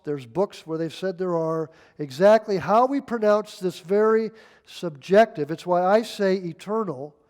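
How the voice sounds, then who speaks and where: A man's voice: sits high, darkish tone. A man preaching a sermon, emphatic and folksy, reading scripture aloud. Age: 60s. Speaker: pastor.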